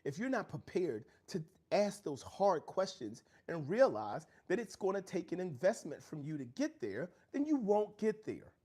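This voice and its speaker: A man's voice: high voice, very animated, moderate pace, few pauses, mellow, husky. Earnest man preaching motivation. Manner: earnest, preachy, reads out viewer chat. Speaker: livestream host. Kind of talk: motivational livestream talk. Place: home.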